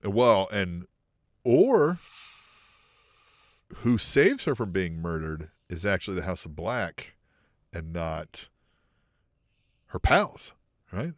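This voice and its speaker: Brief: male co-host, mid-pitched, very expressive, dry close sound, casual swearing. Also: slow, pauses often, dry recording. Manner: blunt and profane, eager to pitch ideas. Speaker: podcast co-host. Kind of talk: casual chat.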